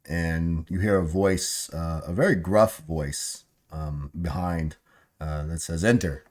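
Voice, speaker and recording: Deep voiced dude narrating a tabletop game on stream, lots of ums and restarts. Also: male voice, steady tone, slow pace, darkish tone. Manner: rambling, frequent fillers and restarts, chuckling. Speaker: game master.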